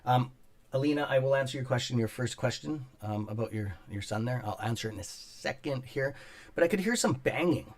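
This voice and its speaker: A man chats casually with viewers during a stock market livestream in his top-floor home studio, talking fast and animatedly at a medium pitch. He rambles, curses, and calls out chat viewers by name, while frequently coughing and clearing his throat.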